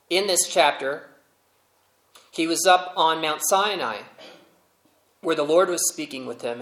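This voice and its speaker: Conversational preacher in a roomy sanctuary. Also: male voice, on the high side, a bit bright. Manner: conversational, humorous storytelling. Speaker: pastor. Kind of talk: sermon.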